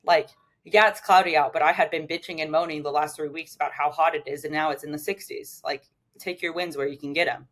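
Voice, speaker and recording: A woman's voice: low-pitched, steady tone, a little fast. A woman in her twenties cohosting a podcast, chatting candidly with many "like" fillers. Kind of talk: casual chat.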